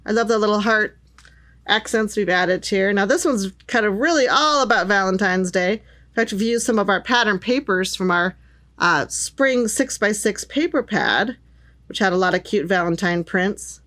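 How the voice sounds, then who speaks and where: A woman's voice: mid-range voice, normal speed, fairly bright tone. A middle-aged woman demonstrating craft stamps with a bubbly, gushing manner. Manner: bubbly and gushing, lots of "little" and "cute". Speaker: craft product presenter. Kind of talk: product demonstration.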